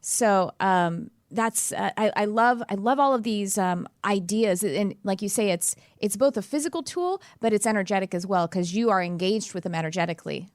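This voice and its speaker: A woman's voice: mid-range voice, normal speed, hardly any pauses, no room sound, studio quality. A woman hosting a podcast, talking in an earnest, casual way, often restarting her sentences and laughing easily. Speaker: podcast host. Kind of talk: casual conversational interview.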